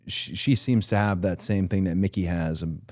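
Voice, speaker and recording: A man's voice: low voice, fairly even intonation, moderate pace, a little mellow, dry recording, clean studio sound. A man in his forties hosting a casual interview, rambling and restarting his thoughts. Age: 40s. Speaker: podcast host.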